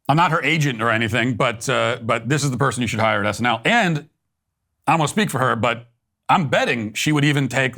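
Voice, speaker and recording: A man's voice: medium pitch, fairly bright tone. A man hosting a political commentary show, blunt and sarcastic, often restarting his sentences.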